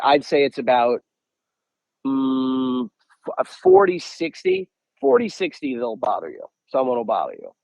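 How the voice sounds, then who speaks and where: Animated young man telling fishing stories. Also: mid-range voice, no echo, lo-fi sound. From United States. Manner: animated, acts out quotes, many repeated "I'm like". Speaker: podcast guest, angler. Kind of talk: casual storytelling.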